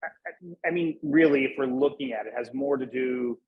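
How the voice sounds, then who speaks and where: A man's voice: mid-range voice, normal speed, breathy edge, phone-quality sound. A man from Northeast Pennsylvania, a guest in a casual interview, speaking in an easygoing way with "you know" fillers. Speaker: guest, cigar brand manager.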